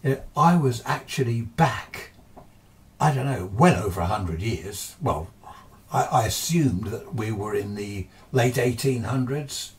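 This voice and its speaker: A man's voice: medium pitch, animated, a little slow, recorded from a distance. A man telling a ghostly tale from memory in a casual, hesitant way, full of restarts and asides. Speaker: ghost story narrator. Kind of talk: casual spoken recollection.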